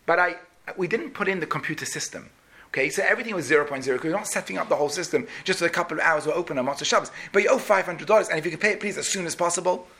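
A man with a fairly high, gravelly voice preaches a sermon as a story. His tone is bright and forceful. He jumps into the voices of his characters as he tells it. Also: racing. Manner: animated, acts out each person's voice.

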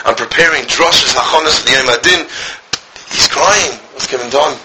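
A man, a rabbi and school director, preaching a sermon passionately, crying out at times and dropping to a hush as he tells stories. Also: mid-range voice, moderate pace, slight background noise, poor audio. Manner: impassioned, swinging from cries to hushed storytelling. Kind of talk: sermon with storytelling.

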